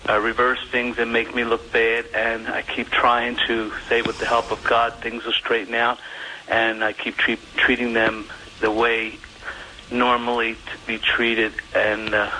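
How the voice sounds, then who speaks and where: A man calls in and speaks in a bright, edgy voice with little rise and fall. He stops and starts as he explains his troubles. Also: medium pitch, a little hiss or hum, poor audio. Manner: halting, with restarts and pauses. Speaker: caller. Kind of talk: call-in confession of troubles.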